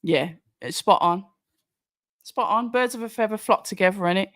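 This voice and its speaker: Here a Brummie host from Birmingham, England, gives casual live chat commentary during a watch-along stream, answering viewer comments with many restarts. The voice has a medium pitch, a moderate pace and a slightly bright tone, with studio-quality sound and no room sound.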